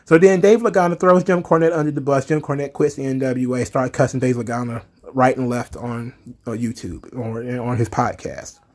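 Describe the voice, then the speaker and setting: A man's voice: medium pitch, moderate pace. A man giving an angry, profane commentary rant as a wrestling vlogger, heated and emphatic.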